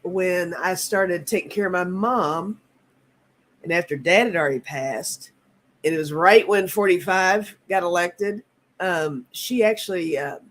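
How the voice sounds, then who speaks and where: A woman in her fifties hosting a live tarot stream, talking in a halting, earnest way and reading viewer comments aloud. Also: on the low side, a little hiss or hum. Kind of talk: casual live-stream chat.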